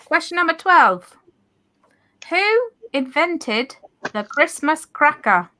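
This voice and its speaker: A woman hosting a casual party quiz, reading each question slowly and carefully and laughing at her own slips. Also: high voice, very animated, bright, forceful tone, slight background noise. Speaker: quiz host.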